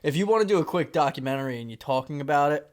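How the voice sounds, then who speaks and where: Guy cohosting a podcast, kinda high voice, joking around and cussing a lot. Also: expressive, rapid-fire. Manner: joking, teasing, swears a lot. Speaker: podcast co-host. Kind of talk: casual chat.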